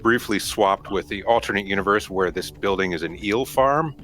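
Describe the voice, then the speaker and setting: A man's voice: lowish voice, normal speed, fairly bright tone, soft background music. A man playing a tabletop game, talking through his moves in a playful, jokey way. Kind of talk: casual play at the table.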